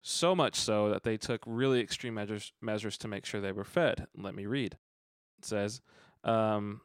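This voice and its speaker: A man's voice: lowish voice, normal speed, clear, resonant tone, no room sound, studio quality. A man co-hosting a casual podcast, reading a Bible passage aloud and reflecting on it earnestly, with frequent fillers. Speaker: podcast co-host.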